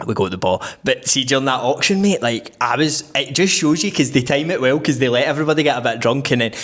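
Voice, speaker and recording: A man's voice: mid-range voice, expressive, fast, fairly bright tone. A man with a Glaswegian accent, a podcast guest rambling through sweary anecdotes in casual chat.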